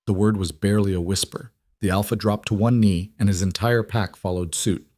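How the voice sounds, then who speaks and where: Measured male fantasy storyteller, low and dry. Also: darkish tone, no room sound. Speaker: narrator. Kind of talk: scripted audiobook narration.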